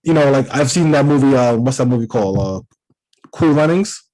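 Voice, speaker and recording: Fast-talking Caribbean-raised man, rambling. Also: medium pitch, lively intonation, warm tone, low-quality recording. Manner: rambling, many fillers and restarts. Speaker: podcast co-host. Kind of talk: casual chat.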